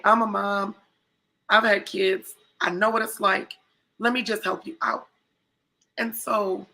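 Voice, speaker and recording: A woman co-hosting a casual talk show, telling a story with lively quoted voices. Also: medium pitch, vocal fry, poor audio. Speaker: co-host.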